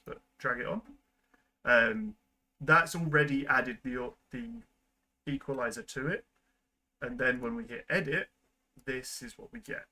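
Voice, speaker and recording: A young man at his computer, explaining video editing steps in a relaxed, rambling way full of ums and likes. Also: medium pitch, poor audio. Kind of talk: casual screen-recorded tutorial. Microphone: desk microphone at a computer.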